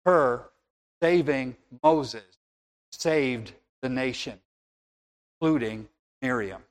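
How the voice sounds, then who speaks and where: A man's voice: mid-range voice, slow. A man preaching a sermon in an earnest, conversational way, now and then acting out little scenes.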